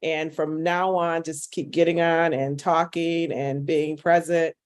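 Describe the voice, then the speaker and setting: A woman's voice: low-pitched, level tone, unhurried, dry recording, studio quality. A woman on an online call, emotional and near tears, speaking lovingly. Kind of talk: casual online chat. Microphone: video call.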